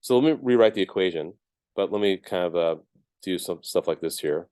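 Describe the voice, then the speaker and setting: A man's voice: sits low, a little fast, dark tone, no echo. A man teaching a math class, explaining each step casually with lots of ums and checks of "right?". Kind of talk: classroom lecture.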